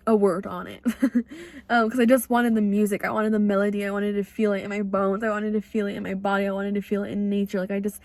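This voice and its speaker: A woman's voice: medium pitch, no echo. A young woman with an American accent hosting a podcast, telling a personal story in a rambling, earnest way with lots of "like" fillers. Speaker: podcast host.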